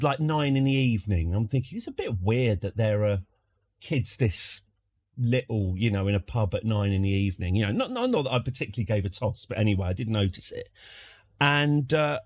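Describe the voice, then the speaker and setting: A British man tells a casual story into a close desk mic. His voice sits at a middle pitch, and he rambles with wry asides and many restarts. The room sounds dry, with no echo. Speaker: streamer. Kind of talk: casual anecdote.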